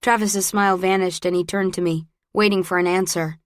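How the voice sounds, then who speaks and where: A woman narrating a romance audiobook in first person, with even, close storytelling on a studio mic. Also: fairly low pitch, fairly quick, few pauses, no echo.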